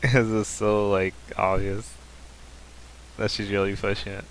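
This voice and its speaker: A man in his twenties co-hosting a casual chat podcast, soft-spoken with brief replies. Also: fairly low pitch, flat delivery, measured pace, slight background noise, rough recording. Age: 20s. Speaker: podcast co-host.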